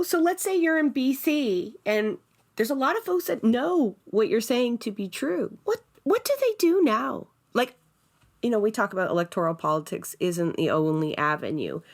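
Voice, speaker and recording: A woman hosting a political podcast, speaking directly and posing pointed questions. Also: on the low side. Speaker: podcast host. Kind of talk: casual political discussion.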